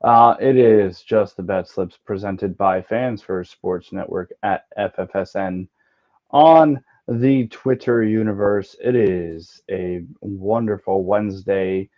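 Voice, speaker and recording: A man's voice: lowish voice, slow pace. A man hosting a casual sports betting podcast, joking around with his co-hosts and stumbling over words now and then. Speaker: podcast host. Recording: slightly dull lo-fi audio.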